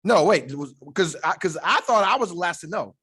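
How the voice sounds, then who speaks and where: A man's voice: high voice, lively intonation, a little fast, bright, forceful tone, breathy edge. A young man hosting a podcast, telling stories in a loose, profane way and laughing often. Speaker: podcast host. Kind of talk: casual chat.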